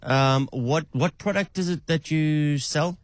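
A man's voice: on the high side, slow, dry recording. Playful man testing a chatbot. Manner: playful, teasing questions. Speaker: caller testing an AI agent. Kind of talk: casual chat.

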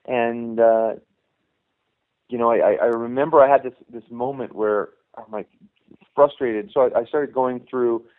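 A man's voice: medium pitch, steady tone, unhurried. A middle-aged man, a youth hockey coach, telling a long story in a casual interview, full of restarts and "you know". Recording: tinny phone-line sound.

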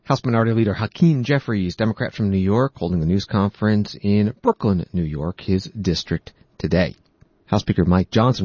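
A man reads scripted news copy in a measured, even way, his voice sitting low. The sound is dry, with no room around it. The audio is slightly dull. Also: no echo. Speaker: news anchor.

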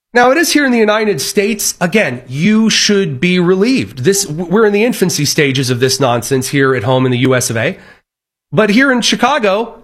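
A man with a slightly high voice delivers snarky political commentary as a vlogger. He stumbles over restarts, repeating words before pushing on with sarcastic asides. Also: a bit bright. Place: Chicago.

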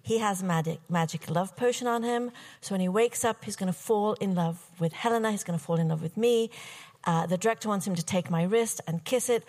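A young adult woman performing a personal story with wry, comic timing and pauses. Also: medium pitch, a little mellow, big-room sound.

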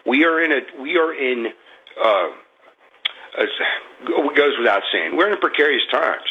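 A man's voice: mid-range voice, animated, a little slow, dull audio, a little hiss or hum. Rambling frustrated man calling in. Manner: rambling, frustrated, many fillers and restarts. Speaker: caller. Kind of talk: political call-in rant. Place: Florida.

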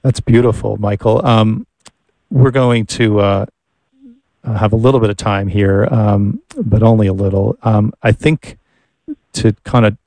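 A man's voice: lowish voice, steady tone, a little slow, dark tone, dry recording. A man interviewing a guest, asking thoughtful questions while searching for words.

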